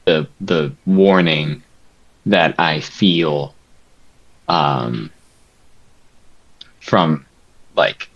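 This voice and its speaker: A man's voice: a bass voice, extremely slow, pauses often, highs cut off. A man playing a tabletop game, describing his character's thoughts hesitantly, searching for words. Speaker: player.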